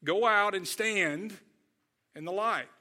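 A man voicing God as a calm, kind figure, gently urging someone to step outside. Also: high voice, takes it slowly, full character voice. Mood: gentle.

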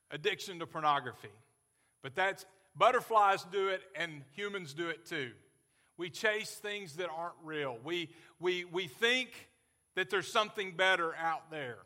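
A man's voice: on the high side, sharp tone. A man in his forties preaching a sermon as pastor, earnest and folksy, joking with his congregation. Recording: long hall reverb.

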